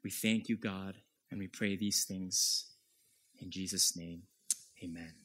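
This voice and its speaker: Slow, emphatic male pastor. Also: sits low, steady tone. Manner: slow, emphatic preaching that drops to a hushed whisper. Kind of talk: sermon.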